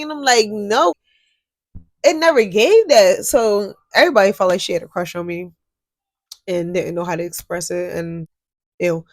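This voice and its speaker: A young woman telling a story to her viewers in a casual vlog, animated and swearing freely. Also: mid-range voice, moderate pace, pauses often, no echo. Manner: animated, profane, talks straight to viewers. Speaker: storyteller vlogger.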